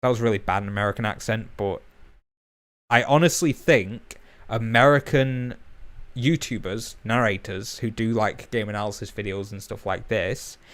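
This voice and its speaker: A young man with a Bolton accent from northern England, chatting casually and rambling quickly, with fillers and swearing. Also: on the low side, a bit bright. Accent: Bolton, northern English. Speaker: YouTuber. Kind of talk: casual chat to camera.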